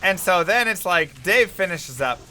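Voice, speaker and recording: A man's voice: high voice, lively intonation, a little slow, bright, forceful tone, slight background noise. A man telling a rambling, self-mocking story in casual chat while streaming a game.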